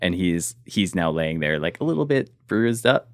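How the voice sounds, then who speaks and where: A man's voice: low voice, very animated, moderate pace, dry recording, clean studio sound. A man, a guest in an interview, telling a personal story casually and leaning on "like" as he goes. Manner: casual, fills with "like", trails off quietly.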